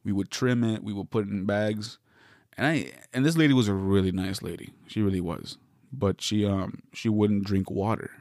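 A man's voice: fairly low pitch, normal speed, a little mellow, dry recording, studio quality. A man from the West Coast, hosting a solo podcast, riffing through a meandering, wry comedic monologue with many self-interruptions.

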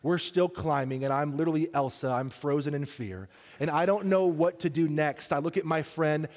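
A man as pastor, preaching a sermon, telling a funny story and then turning earnest and soft. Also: a little high, fairly even intonation, moderate pace, long reverb tail.

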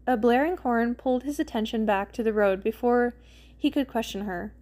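Woman reading fan fiction aloud, slightly high. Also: brisk. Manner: expressive, acts out characters' lines. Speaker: podcast host.

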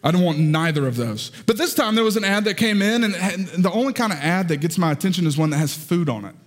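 High-voiced Southern preacher in a hall. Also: male voice, fast talker. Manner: lively storytelling with playful asides. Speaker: pastor. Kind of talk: sermon.

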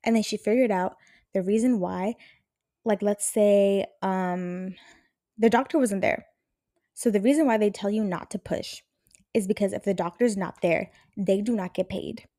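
Young female podcast host; chatty, blunt, profane rambling, warm low timbre. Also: moderate pace, no room sound, studio quality. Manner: rambling, frank and profane, animated. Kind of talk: casual chat.

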